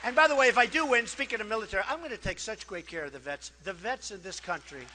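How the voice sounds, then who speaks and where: A man giving a campaign rally speech as a political candidate. He is boastful and rambling, repeats himself, and swings between loud declarations and quiet asides. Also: sits high, expressive, quick pace, a crowd in the background, background noise. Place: rally crowd.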